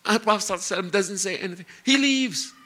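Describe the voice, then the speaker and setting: A man preaching a sermon with animated storytelling, stretching out key words for emphasis and sprinkling in Arabic religious phrases. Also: sits high, rapid-fire.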